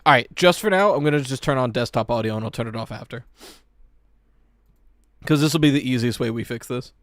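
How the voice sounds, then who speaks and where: A man chatting casually on a live stream, reacting to a game trailer in an animated, excitable way and swearing casually as he talks to his chat. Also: mid-range voice, a little fast, no room sound, clean studio sound.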